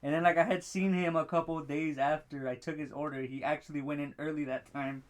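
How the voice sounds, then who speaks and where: A man's voice: fairly high pitch, fairly even intonation, brisk. A young man holds the floor on a casual podcast. He swears freely, trails off and restarts, and acts out every line of dialogue in his tale. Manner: profane storytelling, acts out quotes. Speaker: podcast co-host. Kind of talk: casual chat.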